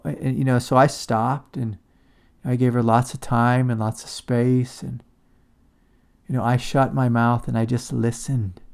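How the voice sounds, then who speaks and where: A man giving a calm, reflective spiritual talk as a teacher. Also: medium pitch, gravelly. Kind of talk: satsang talk on shadow work.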